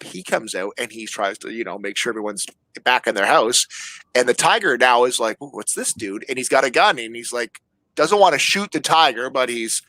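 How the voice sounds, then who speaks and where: A man's voice: medium pitch, bright, forceful tone, dry recording, rough recording. A man co-hosting a podcast, telling a story in casual chat and laughing often. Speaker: podcast co-host.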